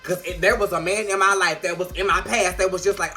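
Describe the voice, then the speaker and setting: Woman vlogger, sassy, profane, animated, bright sharp voice, faint music behind. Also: mid-range voice, fairly quick, few pauses. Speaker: TV show reviewer. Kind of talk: casual video review.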